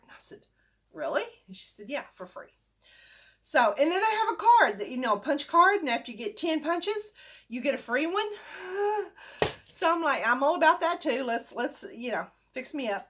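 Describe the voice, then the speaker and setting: Older woman, chatty vlog storytelling, high voice, bright tone. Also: moderate pace. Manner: chatty, animated, acts out the dialogue. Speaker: vlogger.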